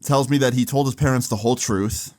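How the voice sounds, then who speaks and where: A young man casually telling a long personal story, slangy and animated, acting out quoted dialogue. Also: mid-range voice, fairly quick. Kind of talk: casual storytime over gameplay.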